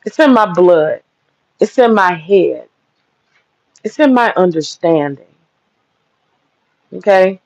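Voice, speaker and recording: A woman's voice: lowish voice, expressive, slow, pauses often, a little mellow, no room sound. A woman hosting a livestream, ranting bluntly and heatedly, with a lot of profanity. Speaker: livestream host. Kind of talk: livestream rant. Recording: dull lo-fi dry audio.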